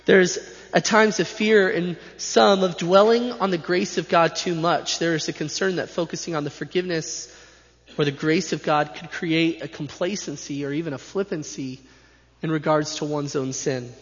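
A man preaches from the pulpit in an emphatic, repeating cadence. His voice sits a little high, and the recording is muffled and dull, with reverb hanging in a large sanctuary. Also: fairly even intonation, normal speed. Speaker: pastor. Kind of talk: sermon. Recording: dull sound with long hall reverb.

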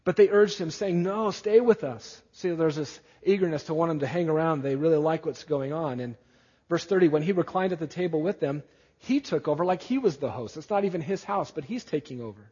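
A man preaches a sermon with earnest emphasis and often turns to his listeners with questions. His voice sits slightly high and sounds a little husky. The recording is dull and lo-fi, with a long reverb trailing through a large hall. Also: lively intonation, brisk, mellow. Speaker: pastor.

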